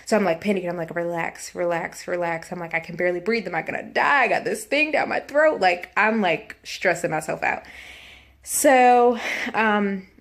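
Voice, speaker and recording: A young woman telling a casual storytime vlog, chatty and full of fillers, acting out what she said and thought back then. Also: mid-range voice. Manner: chatty, filler-heavy retelling, acts out her own past panic in quotes. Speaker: vlogger.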